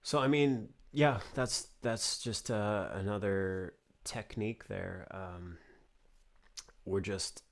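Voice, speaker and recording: A man's voice: on the low side, steady tone. A man giving a casual home studio tutorial, thinking aloud and restarting sentences as he works. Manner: thinking aloud, halting with restarts while working. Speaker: music production tutor. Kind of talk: casual screen-recorded tutorial.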